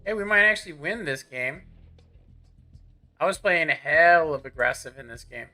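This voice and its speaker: A bright, slightly high-voiced man chats loosely through a live game stream at his home setup. He rambles, clears his throat now and then, and talks straight into a desk microphone. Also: lively intonation, moderate pace, faint music behind. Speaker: gaming streamer. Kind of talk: casual live-stream commentary.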